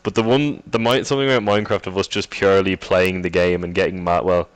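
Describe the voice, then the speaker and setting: A man in casual podcast chat, excitable and quick to laugh, swearing often. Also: low voice, no room sound. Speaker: co-host.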